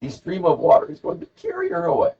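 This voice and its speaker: A man's voice: high voice, huge pitch swings, fast, warm tone, breathy edge. A man co-hosting a podcast who tells a rambling, jokey story in casual chat. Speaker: podcast co-host. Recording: dull lo-fi podcast recording.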